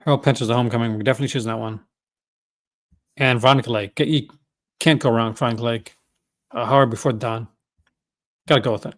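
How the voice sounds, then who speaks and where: A man's voice: mid-range voice, fairly even intonation, fast talker, pauses often. A man hosting a casual livestream, rambling enthusiastically and often correcting himself mid-sentence. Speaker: host.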